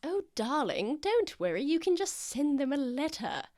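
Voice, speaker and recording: A woman voicing an ostentatious high elf noblewoman who dotes airily and brushes off worries. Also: big pitch swings, moderate pace, a little mellow. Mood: doting. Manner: airy, pampering, laughs it off.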